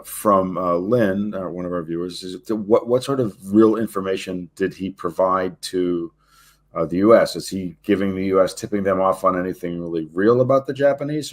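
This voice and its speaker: A man co-hosting a history show, asking long halting questions full of fillers. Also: low-pitched. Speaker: podcast co-host. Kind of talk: interview questions.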